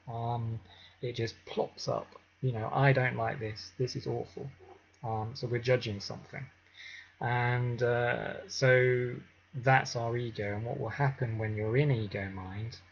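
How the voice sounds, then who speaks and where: A man talks through a mindfulness lesson in a relaxed, conversational way, pausing on frequent ums. His mid-range voice has a gravelly edge. The recording sounds dull and lo-fi, with a faint hiss behind him. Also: medium pitch. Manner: unhurried, conversational, many filler ums. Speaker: mindfulness teacher. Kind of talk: informal teaching talk.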